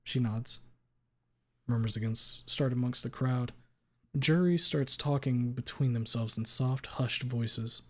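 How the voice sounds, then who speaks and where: A man's voice: medium pitch, measured pace. Man casually reading a story on stream. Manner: reads steadily, owns up to slips with playful asides.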